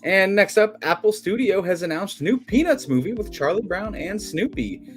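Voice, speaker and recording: A man co-hosting a livestream, reading out film news in a relaxed, easygoing way. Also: high-pitched, normal speed, faint music behind. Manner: easygoing, reads headlines. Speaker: co-host. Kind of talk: casual movie news chat.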